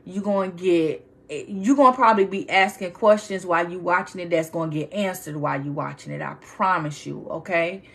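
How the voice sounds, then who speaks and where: A woman's voice: fairly low pitch, a little fast, gravelly, hardly any pauses, fairly bright tone. A woman hosting a casual livestream, talking emphatically and addressing viewers by name. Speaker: livestream host.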